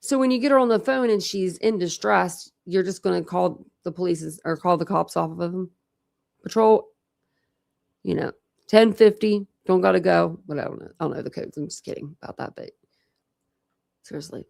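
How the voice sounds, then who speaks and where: Gravelly low-voiced woman chatting about a case. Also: moderate pace, a little mellow. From Ohio. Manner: chatty, thinks aloud, reads transcripts aloud. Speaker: true crime channel host. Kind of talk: casual case discussion, reading out records.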